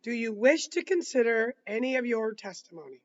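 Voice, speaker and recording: A man reading a calm, probing lawyer. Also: extremely high pitch, lo-fi sound. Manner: measured, questioning. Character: calm, patient older male lawyer.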